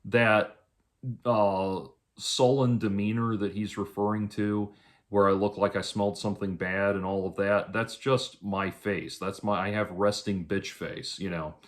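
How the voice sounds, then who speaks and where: A man, a musician, talking through a casual, rambling monologue to camera, halting often and adding dry sarcastic asides. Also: lowish voice, fairly even intonation. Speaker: musician vlogger.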